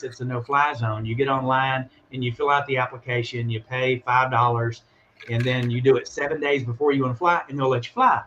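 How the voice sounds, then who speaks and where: A man casually telling a story on a call, animated and acting out the voices of the people in it. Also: mid-range voice, dull audio, noisy background. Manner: animated, acts out voices in his stories. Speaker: guest calling in.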